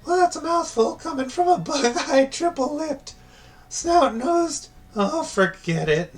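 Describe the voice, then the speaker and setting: A man voicing a shrill, sharp-tongued townsperson in a squeaky, mocking put-on voice while reading game dialogue. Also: lively intonation, unhurried. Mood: insulting.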